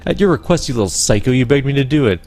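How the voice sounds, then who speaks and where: A man reading game dialogue aloud, voicing a hostile teenage girl hacker who talks quick and sharp-tongued. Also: mid-range voice, lively intonation, faint music behind, pitched above the performer's own voice, close to an everyday voice. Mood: matter-of-fact.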